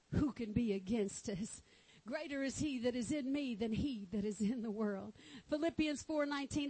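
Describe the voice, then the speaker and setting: High-voiced fervent Texan woman preaching. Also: a little mellow, no room sound, poor audio. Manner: fervent, exclaiming, reading scripture aloud. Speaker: pastor. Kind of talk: sermon.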